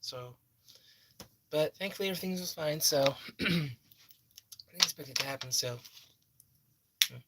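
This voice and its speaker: A young man telling a personal story in a rambling, halting way, full of fillers and restarts. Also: a little high, heavy background noise. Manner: halting, repeats himself, many fillers and restarts.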